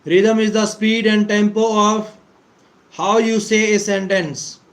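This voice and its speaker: A man giving a deliberate English pronunciation lesson, repeating key words for emphasis and clearing his throat often. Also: high voice, fairly even intonation, fairly bright tone, poor audio. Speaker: English teacher. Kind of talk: slow explanatory lecture.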